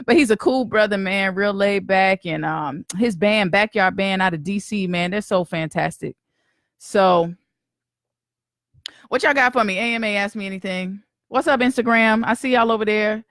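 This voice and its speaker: A woman's voice: medium pitch, moderate pace, dry recording, clean studio sound. A woman podcast host in casual live-stream chat, slangy and talkative, greeting viewers by name.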